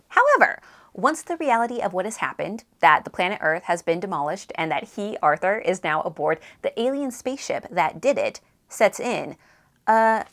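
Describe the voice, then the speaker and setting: A woman hosting a book review vlog, talking in an animated, emphatic, conversational way while drawing a reflection from scripture. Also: mid-range voice. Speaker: book reviewer and Bible teacher.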